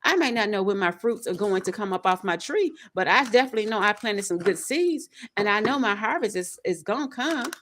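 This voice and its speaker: A woman's voice: mid-range voice, expressive, fairly quick, few pauses, fairly bright tone, a little hiss or hum. Emphatic woman preaching motivational self-talk. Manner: preachy, emphatic, repetitive, speaks in affirmations. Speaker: tarot reader.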